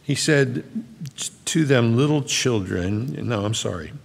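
Gravelly-voiced pastor preaching in a hall. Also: male voice, mid-range voice, animated, measured pace. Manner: earnest expository preaching, reads scripture aloud. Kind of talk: sermon. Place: large church sanctuary.

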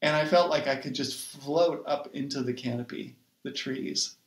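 A man who is a poet and writing coach, guest on a podcast, telling a personal story in an earnest, reflective way with many pauses and fillers. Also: mid-range voice. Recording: roomy echo.

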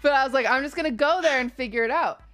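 A woman's voice: high voice, fast. A young woman host telling a personal story in a casual chat, acting out the voices of the people in it. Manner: animated, acts out voices in quotes. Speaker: streamer host.

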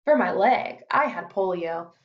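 A woman's voice: on the low side, expressive, unhurried, lo-fi sound. A woman voicing a friendly, chatty teenage boy who works as an assistant trainer.

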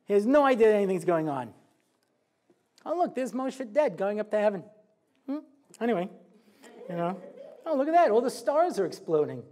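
A man's voice: sits high, normal speed, pauses often, slight background noise. A man giving a humorous sermon lecture as a rabbi, telling stories and acting out the quotes with jokey asides. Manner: animated storytelling, acts out quotes, jokey asides.

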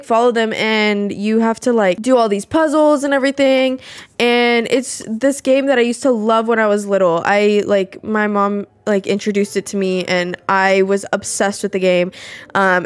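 A woman's voice: medium pitch, no echo. A young adult woman giving casual gameplay commentary, chatty and exclamatory, swearing and laughing often. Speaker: gameplay video creator.

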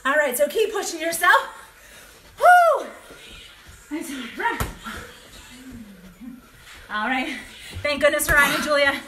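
A woman instructor calls out kickboxing combos in a home workout, upbeat and encouraging, laughing often and getting out of breath, with dogs barking nearby. Her high voice is expressive, pushed and bright, a little slow with long pauses, in a reverberant space with a little hiss or hum.

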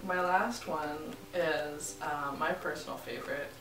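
A woman's voice: deep voice, fairly even intonation, a little slow. A woman co-hosting a comedy chat show, playfully spinning absurd stories. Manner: playful, spins absurd revenge fantasies. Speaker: co-host. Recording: roomy and distant, music behind. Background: music.

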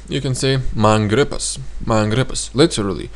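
Man patiently repeating lesson phrases. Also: lowish voice. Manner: repeats phrases slowly, thinks aloud with fillers. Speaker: language teacher. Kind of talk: explanatory language lesson.

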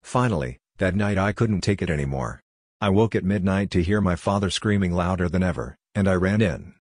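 Deep, husky male horror narrator. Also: expressive, fairly quick, darkish tone, no echo, clean studio sound.

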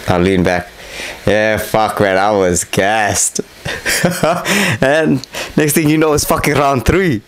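A man's voice: lowish voice, measured pace, clear, resonant tone, low-quality recording. A young man casually narrating over footage of his own boxing fight, candid and self-critical, swearing freely. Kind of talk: casual fight breakdown commentary.

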